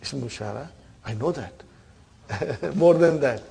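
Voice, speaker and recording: A man's voice: mid-range voice, lively intonation, a little slow, creaky, mellow. A man teaching an Arabic grammar class, quizzing his students and checking in with a "huh?" between points. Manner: questioning students, frequent "huh?" and laughs.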